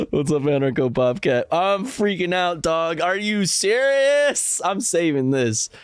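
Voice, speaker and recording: A man's voice: high-pitched, very animated, slow, clean tone, no echo, clean studio sound, faint music behind. A young man streaming live, laughing in disbelief, swearing and reading headlines and chat comments aloud.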